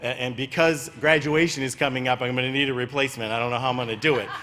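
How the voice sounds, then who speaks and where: A man giving church announcements in a sanctuary, in a warm, rambling way that turns emotional. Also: medium pitch, steady tone, quick pace, a little hiss or hum. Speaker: church staff member making announcements.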